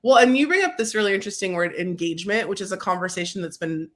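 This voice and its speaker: A woman's voice: mid-range voice, lively intonation, fast. A woman on a video call talking enthusiastically in casual conversation, with lots of filler words. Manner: enthusiastic, many fillers, speaks of energy and joy.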